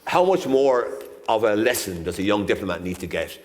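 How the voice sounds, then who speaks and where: A low-voiced man in his sixties tells a story from the stage in an easygoing, meandering way that pokes fun at himself. His voice rings out in the long reverb of a lecture hall. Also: fairly quick. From Ireland. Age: 60s. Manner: relaxed, rambling, self-deprecating. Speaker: ambassador, guest speaker.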